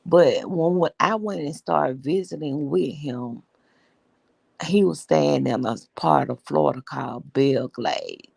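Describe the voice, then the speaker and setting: A woman's voice: sits low, slow, vocal fry, a little mellow, husky, no echo. A woman hosting a casual live stream, telling stories bluntly and with profanity as she greets viewers.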